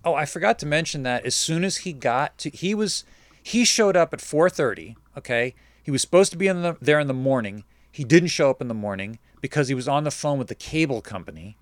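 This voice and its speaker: A man's voice: fairly high pitch, no room sound. A man hosting a casual show, telling a rambling story full of quoted back-and-forth dialogue.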